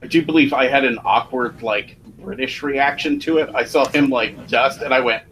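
A man talking casually on a podcast, animated and swearing freely, laughing at himself. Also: medium pitch, moderate pace, low-quality recording. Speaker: podcast co-host. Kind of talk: casual chat. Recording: steady background noise.

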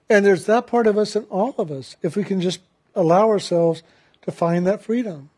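A man giving a reflective spiritual talk as a teacher, gentle in tone and laughing easily while he tells a story. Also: sits high.

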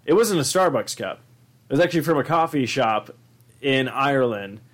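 A man's voice: lively intonation, normal speed, fairly bright tone. Profane laid-back young man, chatting. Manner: swears freely, acts out quotes in high silly voices. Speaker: podcast co-host. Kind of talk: casual chat.

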